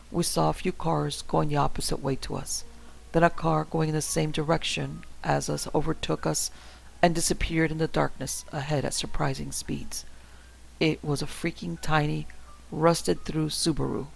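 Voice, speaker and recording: A man reading a horror story aloud in the first person, in a steady, tense way. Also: fairly high pitch, vocal fry, rough recording. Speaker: story narrator. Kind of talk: scripted horror narration.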